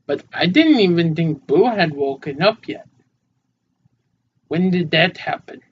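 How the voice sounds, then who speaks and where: A man's voice: a little high, animated, unhurried. A man co-hosting a casual podcast with an easygoing manner and dry wisecracks, recorded with a dull lo-fi sound and faint hiss. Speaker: podcast co-host. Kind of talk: casual chat.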